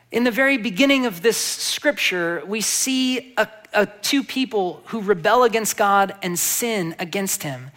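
A male pastor with a high-sitting voice delivers a sermon, shifting from quiet, reflective passages to animated emphasis. He poses rhetorical questions to the congregation.

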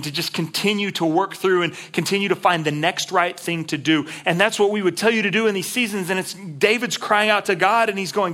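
A man preaching in an earnest, conversational manner, stumbling over and repeating words. His voice is slightly high and bright, with a forceful, pressing edge. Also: fairly quick, few pauses. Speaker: pastor. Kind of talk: sermon.

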